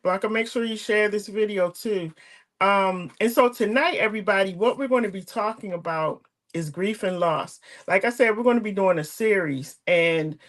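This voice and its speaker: Earnest older woman talk host. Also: normal speed. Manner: earnest, emotional storytelling with rising pitch. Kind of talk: casual talk show hosting.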